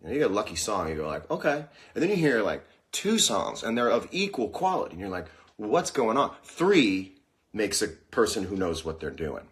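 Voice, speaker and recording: A man with a fairly low voice hosts a casual livestream, talking a little fast. Nursing a sore mouth from a dental problem, he rambles and jokes through an animated monologue picked up on a phone mic.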